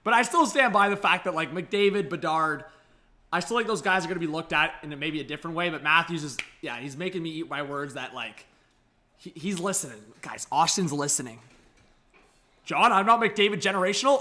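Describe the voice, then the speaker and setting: Bright, high-voiced hyped hockey streamer. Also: male voice, brisk. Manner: excitable, hyped, addresses the chat directly. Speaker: live-stream hockey commentator. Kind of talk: live reaction commentary.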